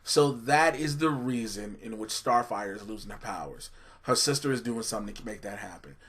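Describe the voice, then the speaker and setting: Animated, profane man reviewing a show. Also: fairly low pitch, normal speed, husky. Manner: animated, profane, jokey storytelling. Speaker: co-host reviewing a TV episode. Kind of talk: casual podcast chat.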